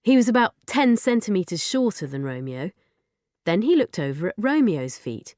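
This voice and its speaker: Female narrator, children's audiobook, lively, dry studio sound. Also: medium pitch, normal speed, no room sound. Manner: lively storytelling, animated.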